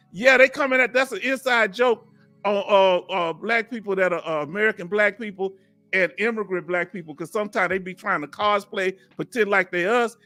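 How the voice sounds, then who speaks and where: A man's voice: high-pitched, bright, forceful tone. A man from Houston with a Southern Texas accent, hosting a casual live stream and joking with his viewers, laughing often. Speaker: veteran livestream host.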